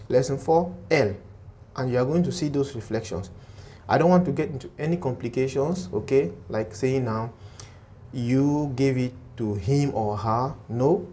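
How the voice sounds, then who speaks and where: A man's voice: medium pitch, warm tone. A man teaching a French grammar lesson in English, explaining step by step, repeating key points with emphasis.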